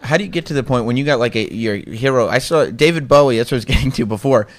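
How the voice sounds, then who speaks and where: A man interviewing a guest, asking quick, eager follow-up questions. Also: mid-range voice. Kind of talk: casual interview.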